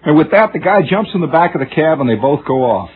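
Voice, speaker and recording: Husky rambling radio storyteller, man. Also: a little high, big pitch swings, fast talker. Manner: discursive, musing, restarts often. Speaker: radio monologist. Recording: tinny old radio broadcast.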